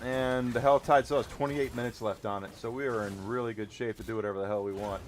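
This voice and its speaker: A man's voice: medium pitch, steady tone, fast, slight background noise. A man streaming a game live, chatting casually and thanking viewers as he plays.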